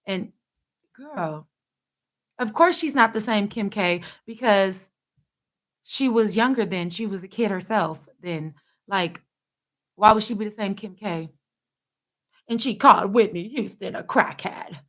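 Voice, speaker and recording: A woman's voice: medium pitch, expressive, unhurried, pauses often, fairly bright tone. A young adult woman hosting casual commentary, blunt and sassy, talking back at the clips she plays. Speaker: host.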